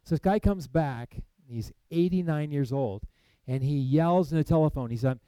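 Preacher, male, mellow dry voice, animated storyteller who drops to a hush. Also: on the high side, moderate pace, smooth, no room sound, low-quality recording. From United States. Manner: animated storytelling, acts out quoted voices, then hushed and solemn. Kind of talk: sermon storytelling.

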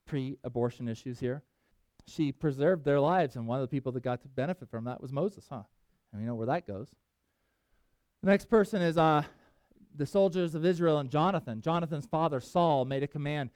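A man preaching a sermon as pastor, animated and conversational, swinging from loud emphasis to quiet asides. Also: fairly high pitch, brisk, no echo. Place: church in Wyoming.

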